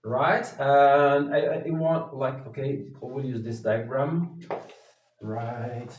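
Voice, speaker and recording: Guy teaching grammar, slow and halting, lots of uhs, sounds far off the mic in a roomy classroom. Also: mid-range voice, steady tone. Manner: slow and halting, with many fillers and restarts. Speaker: English teacher. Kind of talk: grammar lesson at a whiteboard. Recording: echoey room, voice from off the mic.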